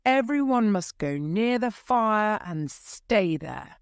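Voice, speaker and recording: A bold masked swordsman from a storybook, confident and stern, as a woman reads him. The voice is smooth and clear, close to the mic. He speaks without hurry. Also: mid-range voice, animated, slow, no room sound, pitched above the performer's own voice. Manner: confident, commanding.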